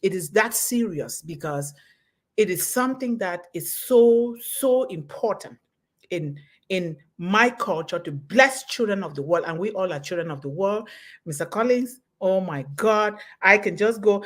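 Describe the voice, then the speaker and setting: A middle-aged woman from Cameroon hosting a live online webinar, giving an impassioned motivational talk that repeats phrases and swings in pitch and loudness. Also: lively intonation, moderate pace. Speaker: host.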